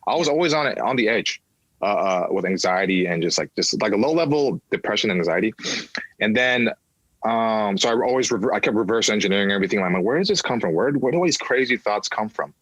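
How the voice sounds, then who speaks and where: A man's voice: on the low side, fast, slightly rough, no room sound, rough recording. Candid man telling his story, dry. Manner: animated, acts out voices, swears freely. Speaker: podcast guest, comedian.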